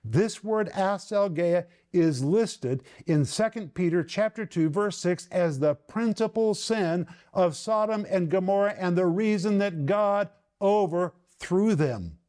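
A man teaching the Bible on television with a high-pitched voice that still sounds dark and mellow. He speaks earnestly and with emphasis, and often puts rhetorical questions to the listener. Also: slow pace, few pauses.

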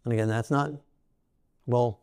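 Chatty preacher with a high-ish voice. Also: male voice, animated, moderate pace, a little mellow, no room sound, clean studio sound. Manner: conversational, keeps asking "right?" with laughs. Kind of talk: sermon.

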